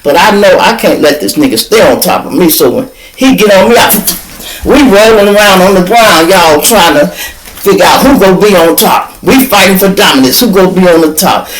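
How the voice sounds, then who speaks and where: An older man from Chicago hosting a podcast, telling a story in a casual, animated way, full of profanity and spoken sound effects. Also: high-pitched, a little fast, poor audio. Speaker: podcast host.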